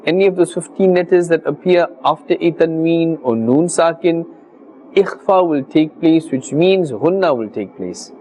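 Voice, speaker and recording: A man teaching Quran reading pronunciation, patiently explaining rules and slowly repeating words as models for his students. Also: a little high, lively intonation, dark tone, poor audio. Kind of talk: religious recitation lesson.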